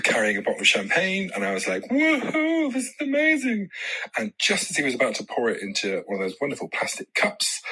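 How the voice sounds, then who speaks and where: A man telling a self-mocking story in a voice note, chatty, with his voice jumping high for quoted lines. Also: bright, forceful tone, breathy edge, rough recording. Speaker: caller sending a voice note. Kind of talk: casual anecdote.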